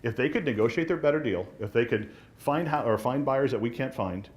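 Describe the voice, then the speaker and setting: A man teaching a live real estate marketing class, fast and animated, acting out dialogue with clients and agents. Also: mid-range voice.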